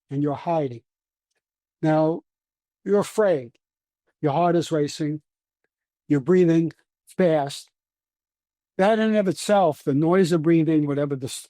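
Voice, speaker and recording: Brooklyn scientist guest, fairly high mellow voice, dry close sound, lecturing patiently. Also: male voice, dry recording. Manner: patient, lecturing, with frequent restarts. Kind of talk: explanatory interview answers.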